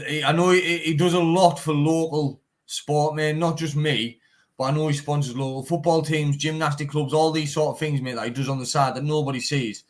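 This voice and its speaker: A young man, guesting on a casual live-stream interview as a bare-knuckle fighter. His voice sits a little high for a man. He talks in an animated rush, swearing freely and tagging "mate" onto nearly every line. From Teesside, northeast England. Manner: animated, swears often, says "mate" constantly.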